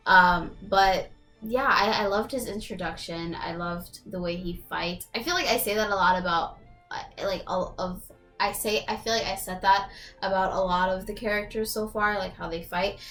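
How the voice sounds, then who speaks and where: A woman co-hosting a podcast who chats in a relaxed, slangy way, with many fillers and easy laughter. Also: medium pitch, moderate pace, faint music behind. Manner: relaxed and chatty, with slangy asides and frequent fillers. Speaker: podcast co-host. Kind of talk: casual podcast chat.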